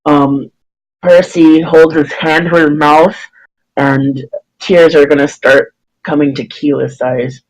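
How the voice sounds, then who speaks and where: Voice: mid-range voice, fairly even intonation, slow pace, poor audio. A dungeon master narrating a tabletop game in a friendly, giggly way.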